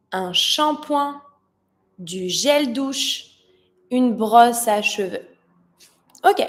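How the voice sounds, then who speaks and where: A woman with a French accent, a native French speaker teaching an online vocabulary lesson and pronouncing words slowly and carefully. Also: fairly high pitch. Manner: slow, careful pronunciation drills, switching between English and French.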